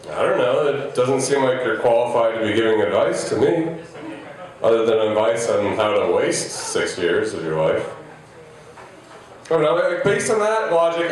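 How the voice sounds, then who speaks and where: Rambling man doing stand-up in an echoey club. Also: mid-range voice. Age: 30s. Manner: rambling, self-deprecating, halting restarts. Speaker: stand-up comedian. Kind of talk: stand-up set. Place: comedy club stage. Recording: echoey live venue, mic heard from a distance.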